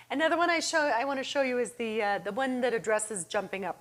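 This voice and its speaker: A woman dog trainer talks through a demonstration in a calm, encouraging way. She praises the dog softly and low, and now and then calls him in a high, excited voice. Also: fast.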